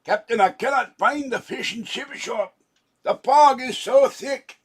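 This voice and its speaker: A man's voice: extremely high pitch, a little slow, slightly rough, pitched above the performer's own voice, full character voice. An older man putting on a Scottish accent, voicing a fretful male starship engineer who pleads with his captain. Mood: pleading. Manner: pleading, put-on, theatrical.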